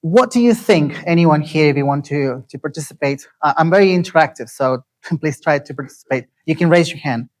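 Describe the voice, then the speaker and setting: A man's voice: fairly high pitch, poor audio. Man lecturing a live audience. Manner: asks the audience questions and repeats phrases slowly.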